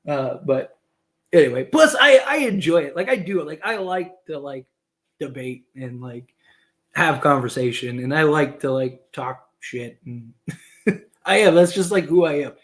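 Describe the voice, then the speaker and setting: A man's voice: a little high, normal speed. A man hosting a casual livestream about basketball, rambling with many fillers and laughing often. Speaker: basketball commentator and streamer.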